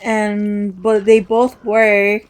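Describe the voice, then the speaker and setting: A woman's voice: medium pitch, flat delivery, drawn-out words, a little hiss or hum. A woman hosting a mobile gaming video, chatting casually and telling a story with lots of "like" and "um". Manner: rambling, filler-heavy "like" and "um". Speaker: mobile gaming channel host.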